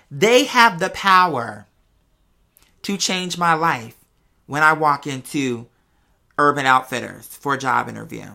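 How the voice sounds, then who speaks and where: Man, bright tone, chatty storytelling, talks straight to listeners. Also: on the high side. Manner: expressive and chatty, addresses listeners as y'all and girl. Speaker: podcast host. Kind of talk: casual personal storytelling to listeners.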